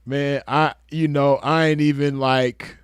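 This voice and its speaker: A man's voice: medium pitch, little pitch movement, a little slow, clear, resonant tone, dry recording, clean studio sound. A young man from the West Coast giving laid-back, slangy commentary with frequent chuckles. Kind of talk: casual commentary.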